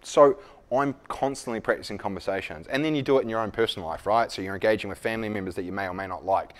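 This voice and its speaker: Lower-pitched male workshop leader; conversational, self-deprecating, plays out examples. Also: fast. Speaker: leadership speaker. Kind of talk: live workshop talk.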